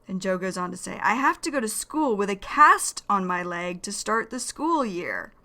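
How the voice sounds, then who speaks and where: A woman teaching English vocabulary in a slow, careful lesson, repeating each key phrase. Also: medium pitch, big pitch swings, sharp tone.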